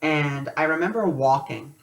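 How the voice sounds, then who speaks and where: A man's voice: on the high side, unhurried, creaky, distant mic. A man teaching a spiritual lesson in a loose, conversational way, telling personal stories with lots of casual fillers.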